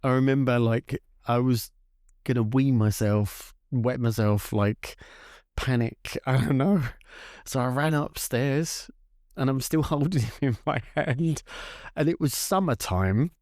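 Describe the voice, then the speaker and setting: A man, co-hosting a podcast and telling a childhood story in an animated, chatty way. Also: measured pace, dry recording, studio quality. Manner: animated, acts out voices with big pitch jumps. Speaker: podcast co-host. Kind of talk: casual storytelling chat.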